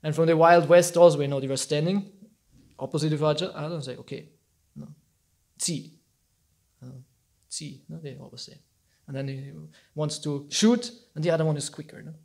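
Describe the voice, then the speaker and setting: A man giving an informal storytelling talk as a teacher, animated and acting out quotes with frequent laughs. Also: on the high side, brisk.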